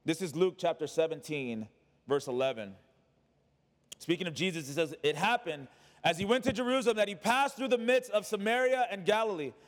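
High-voiced preaching pastor in a hall. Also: male voice, expressive, a little fast. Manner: preaching with emphatic repetition, colloquial asides. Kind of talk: sermon.

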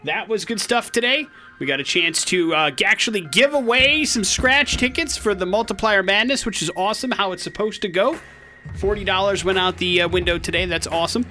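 A man's voice: high-pitched, sharp tone, soft background music. A man hosting a morning radio show, upbeat and jokey, running call-in games and reading promos in a studio. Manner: upbeat, quick, jokey, reads phone number and promos. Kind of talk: casual morning radio banter.

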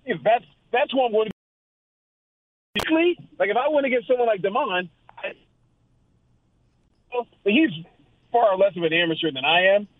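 A man's voice: high voice, lively intonation, normal speed, pauses often, dry recording. A man calling in as a guest, chatting casually and telling long, rambling stories. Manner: rambling, storytelling. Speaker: guest amateur boxer. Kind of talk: casual chat. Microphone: phone line. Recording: tinny phone line.

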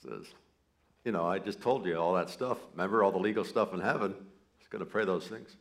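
A man preaching a sermon, telling a personal story, starting soft and building to loud emphasis. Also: low-pitched, fairly quick. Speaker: pastor.

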